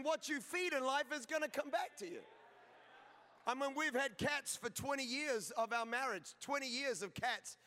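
A middle-aged male pastor preaches in a very high, bright voice. He tells stories with humor and builds to emphatic declarations. His voice carries a long reverb from a large hall. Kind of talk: sermon.

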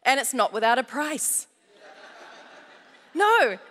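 A woman's voice: sits high, very animated, takes it slowly, fairly bright tone. A woman pastor with an Australian accent preaches a sermon, mixing scripture with funny stories from family life and calling out to the congregation. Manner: humorous storytelling with audience call-outs. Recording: long hall reverb.

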